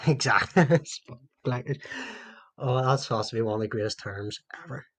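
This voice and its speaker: A man's voice: mid-range voice, normal speed, fairly bright tone. A man with a Northern Irish accent co-hosting a casual podcast chat with mates, telling sweary, banter-heavy stories. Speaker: podcast co-host.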